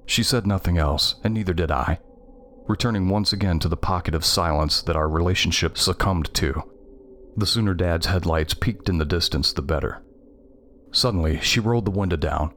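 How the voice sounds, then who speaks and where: A man's voice: sits low, normal speed, fairly bright tone. A man narrating a first-person horror story in a tense, scripted reading.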